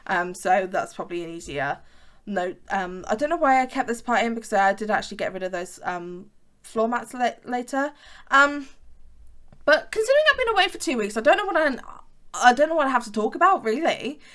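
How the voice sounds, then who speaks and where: A woman in her twenties with a slightly posh English accent chats over her gameplay at a desk mic. Her voice sits fairly high and sounds bright and tense, and she rambles freely with frequent ums and self-corrections. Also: lively intonation, a little fast. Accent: English, fairly posh southern-leaning. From West Midlands, England. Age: 20s. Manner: rambling, frequent ums and restarts, chatty asides. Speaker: gaming YouTuber. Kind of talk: casual chat over gameplay.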